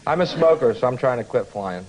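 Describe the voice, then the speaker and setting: An American man, a comedian guesting on a studio talk show, delivering sardonic jokes in a dry, low-key way. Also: animated, fairly quick, very noisy. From United States. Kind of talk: deadpan joke delivery in an interview. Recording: loud studio audience laughter.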